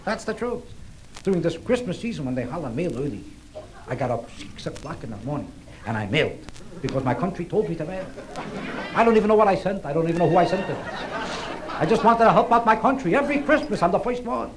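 A man's voice: high voice, big pitch swings, fast talker. A man doing a self-mocking stand-up routine on stage, rambling through his jokes before a live audience. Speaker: stand-up comedian. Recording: live stage recording with audience laughter and noise.

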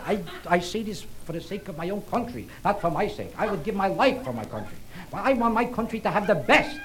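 Animated stand-up comic, high lively voice. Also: male voice. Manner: self-mocking, rambling and animated. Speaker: stand-up comedian. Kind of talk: stand-up comedy routine. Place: stage before a live audience. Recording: live stage recording with audience laughter and noise.

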